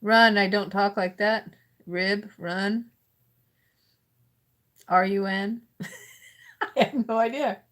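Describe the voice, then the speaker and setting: A woman's voice: mid-range voice, slow pace, long pauses, a bit bright. A woman hosting a casual livestream, reading out roast jokes from chat and laughing often. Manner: laughs often, playful and teasing. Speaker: livestream host.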